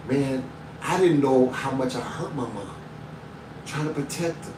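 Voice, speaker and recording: A man's voice: medium pitch, measured pace, long pauses. A man, telling a heartfelt personal story in a blunt, emphatic way. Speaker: livestreamer. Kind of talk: casual personal monologue. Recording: roomy sound from a distance, faint background noise.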